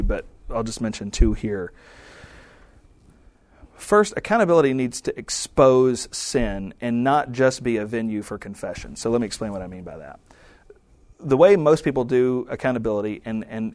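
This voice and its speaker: A man's voice: medium pitch, expressive, normal speed, a little mellow, dry recording. A married man preaching a sermon in a conversational style, often acting out quoted prayers and remarks. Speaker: pastor.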